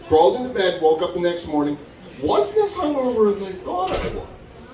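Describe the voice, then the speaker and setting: In an echoing comedy club, a man tells his open-mic story at an ordinary pace, lively throughout, and leaps up and down in pitch to play the people he quotes. The mic sits far away, so the laughing crowd comes through clearly.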